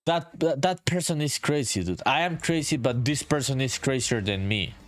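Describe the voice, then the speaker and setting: During a casual live stream of his indie game work, a man reads chat aloud, swears a lot, and calls everyone "dude," staying relaxed throughout. His mid-range voice has lively intonation at a normal speed, with faint music behind him.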